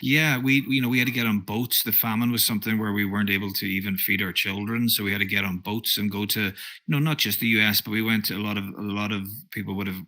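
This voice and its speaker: Irish-accented male guest, low-pitched, bright, musing conversational delivery. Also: fairly even intonation, quick pace. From Ireland. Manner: thoughtful, with frequent "you know" fillers. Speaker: interview guest. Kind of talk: casual conversation.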